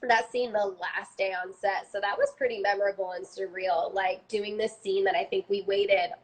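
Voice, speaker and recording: A young-sounding woman chats on a live stream about her acting work in a relaxed, giggly way. She is loose and unscripted, with frequent laughs and plenty of ums and likes. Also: medium pitch, normal speed. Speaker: actress. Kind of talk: casual live-stream chat.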